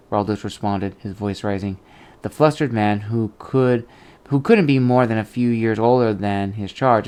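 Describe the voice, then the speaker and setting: A man reads a fantasy novel aloud for his book channel. His voice is lowish and smooth, and his delivery stays steady and measured, with the odd slip and restart.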